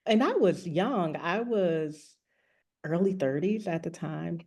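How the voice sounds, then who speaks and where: A woman's voice: on the low side, expressive, slow pace, a little mellow, husky. A woman who works as a rest coach and author, frankly and earnestly telling a personal story as an interview guest.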